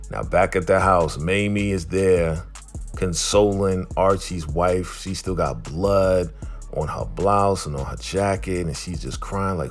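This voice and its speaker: Deep-voiced man chatting through a recap. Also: measured pace, soft background music. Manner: chatty, streetwise. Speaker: vlogger reviewing a TV episode. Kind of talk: casual recap.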